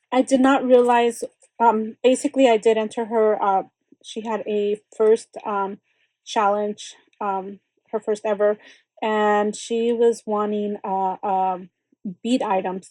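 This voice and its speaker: A woman's voice: medium pitch, dark tone, no echo, low-quality recording. A middle-aged woman hosting her craft channel, chatting casually and rambling with lots of fillers and exclamations. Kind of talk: casual unboxing chat.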